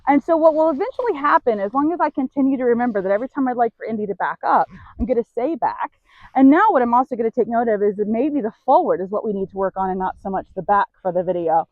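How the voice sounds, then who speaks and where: A woman horse trainer talks the camera through a hands-on demonstration while she works a horse. Her voice sits a little high, and she breaks off now and then to praise the animal softly. The recording is dry, with a slightly dull, muffled tone. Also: lively intonation, quick pace, no echo.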